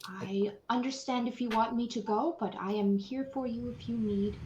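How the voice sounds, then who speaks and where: A woman playing a gentle, caring companion who speaks softly and hesitantly in a tabletop game. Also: fairly high pitch, steady tone, moderate pace, reverberant, highs cut off, a little hiss or hum, natural voice. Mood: tender. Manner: soft, hesitant, apologetic.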